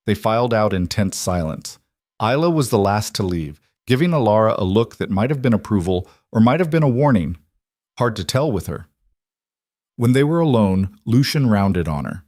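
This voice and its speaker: A man narrating a story in a measured, dramatic scripted style. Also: fairly low pitch, animated, a little mellow, no room sound, studio quality.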